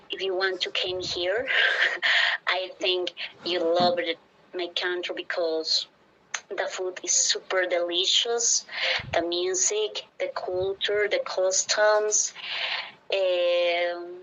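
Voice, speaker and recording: A woman's voice: lowish voice, fairly bright tone, lo-fi sound. Hesitant Peruvian woman in her twenties. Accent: Peruvian Spanish. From Peru. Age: 20s. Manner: hesitant, searching for words, asks for repeats. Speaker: teacher. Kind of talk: casual English practice conversation.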